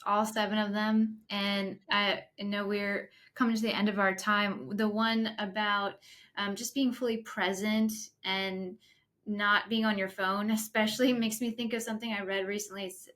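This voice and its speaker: A woman hosting a podcast, closing an interview in an appreciative way, quick to laugh. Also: medium pitch, bright, forceful tone. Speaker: podcast host. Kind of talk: wrapping up an interview.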